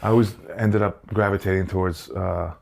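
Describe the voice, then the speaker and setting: A Slovakia-born man co-hosting a podcast, playful and animated as he tells stories. His voice sits a little low. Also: normal speed, creaky. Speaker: podcast co-host. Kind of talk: casual chat.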